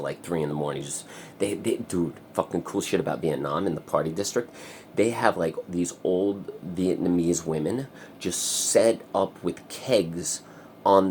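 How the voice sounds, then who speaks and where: Rambling, profane low-voiced man. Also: slight background noise. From United States. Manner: profane, rambling, breaks into loud high singing. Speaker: vlogger. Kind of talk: rambling casual monologue.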